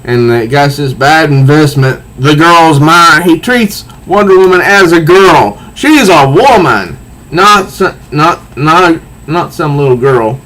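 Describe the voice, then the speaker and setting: A man casually reviewing a comic book, recounting panels in a halting way with repeated words. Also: a little high, very animated, fairly bright tone, low-quality recording.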